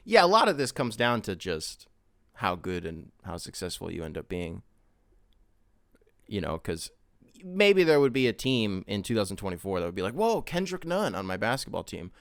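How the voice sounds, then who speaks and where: A young man hosting a casual solo podcast, rambling and swearing, with loud bursts and mumbled asides. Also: deep voice, sing-song, normal speed, dry recording. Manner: rambling, swears often, mimics voices in quotes. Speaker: podcast host.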